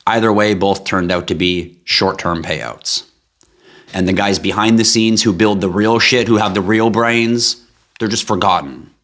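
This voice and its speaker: A man hosting a live stream, giving a hype-driven sales pitch with asides and tangents. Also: measured pace, a bit bright. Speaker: live stream host pitching a blockchain project.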